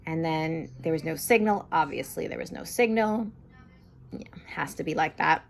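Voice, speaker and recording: A woman's voice: low voice, normal speed, gravelly, a little hiss or hum. A young woman giving a casual, chatty TV episode recap and review, full of fillers like "um" and "like". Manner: chatty, lots of fillers like "like" and "um", acts out quotes.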